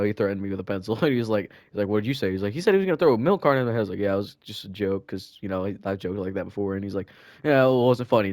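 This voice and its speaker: A man's voice: on the low side, darkish tone, no room sound, studio quality. A teenage boy casually telling school stories on a podcast, rambling and laughing, with lots of fillers and restarts. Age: teens. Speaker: podcast co-host. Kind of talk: casual storytelling chat.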